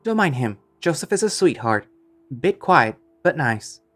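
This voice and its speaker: A man voicing a cheerful, bubbly young female ship stewardess in a high, chirpy voice, over faint music. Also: big pitch swings, unhurried, fairly bright tone, heavily acted.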